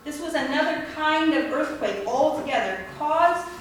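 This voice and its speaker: A woman priest giving a sermon in a measured, gently wry manner, recorded in a church. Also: high-pitched, animated, far from the mic, a little hiss or hum. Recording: echoey church, voice from afar.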